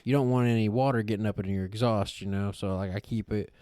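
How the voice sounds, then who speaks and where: A man's voice: on the low side, fast, clear, resonant tone, dry recording, clean studio sound. A man, co-hosting a podcast and telling a long rambling story with lots of swearing. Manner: rambling, profane, animated storyteller. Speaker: podcast co-host. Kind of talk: casual storytelling chat.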